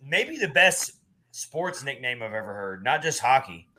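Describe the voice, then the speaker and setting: Bright-voiced man hosting a podcast. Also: mid-range voice, a little slow. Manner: animated, rambling with restarts. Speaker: podcast host. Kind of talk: casual chat.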